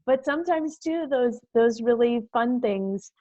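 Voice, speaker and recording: Earnest woman, mid pitch, muffled dry video-call sound. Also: lively intonation, a little slow, mellow, no room sound. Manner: earnest, hesitant with fillers. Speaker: parent, guest in discussion. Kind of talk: casual group video chat.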